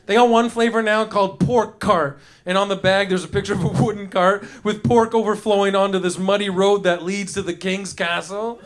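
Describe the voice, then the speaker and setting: A high-pitched man on a comedy club stage, talking into a handheld mic. He rambles loosely through his bits and riffs with the audience, slipping into quick character voices. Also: level tone. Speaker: stand-up comedian. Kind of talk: live stand-up with crowd work. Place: comedy club stage before a laughing crowd.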